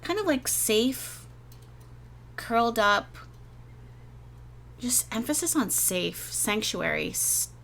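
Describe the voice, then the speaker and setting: A woman's voice: fairly high pitch, sing-song, slow pace, creaky, pauses often, a bit bright, a little hiss or hum. Gushing woman giving a tarot reading. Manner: rambling, gushing, repeats words, many fillers. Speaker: tarot reader. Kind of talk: casual spoken tarot reading.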